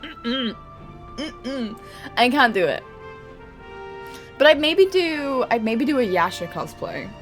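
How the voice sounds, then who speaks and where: A chatty young woman talks casually to her stream viewers in a slightly raised voice, breaking into laughter often and swearing without a second thought. Soft game music plays faintly under her. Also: on the high side, very animated, takes it slowly, long pauses. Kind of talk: casual live-stream chat.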